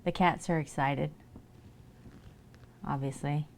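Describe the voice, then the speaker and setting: A woman's voice: low-pitched, steady tone, slow pace, a little mellow, slight background noise. A woman streaming from home, chatting casually with viewers and cooing at her cats. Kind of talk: casual live-stream chat.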